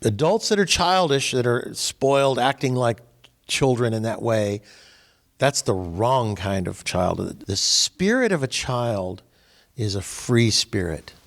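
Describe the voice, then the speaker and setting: An older man, the host, chatting casually and telling animated stories that grow louder and higher as he gets going. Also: slow, gravelly. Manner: animated storyteller, voice rising as he tells stories. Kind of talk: casual chat.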